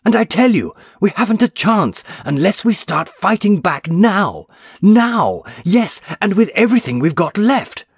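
A man's voice: medium pitch, measured pace, husky, dry recording, studio quality, voice pushed up. A man playing a panicked businessman. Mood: frantic shouting. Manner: excited, raised, breathless urgency. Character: frightened middle-aged male businessman, frantic.

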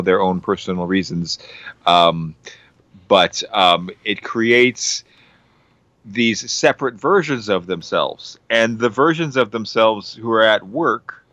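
A man's voice: fairly low pitch, a bit bright, dry recording, muffled recording. A man on a casual podcast, rambling enthusiastically about a TV series with lots of fillers and restarts. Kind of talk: casual show recommendation.

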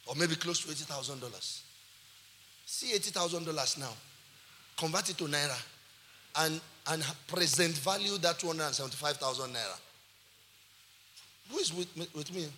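Animated Nigerian pastor, high bright voice. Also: male voice, moderate pace, long pauses, slight background noise. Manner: animated, switches into Yoruba phrases, shouts for emphasis. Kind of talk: sermon.

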